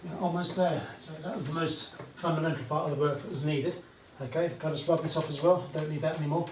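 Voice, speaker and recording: A man's voice: fairly high pitch, fairly even intonation, quick pace, noisy background. A British man teaching a maths lesson at a whiteboard, chatty and fond of asides, checking in with "okay?" often. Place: classroom with whiteboard. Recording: echoey room, voice from far off.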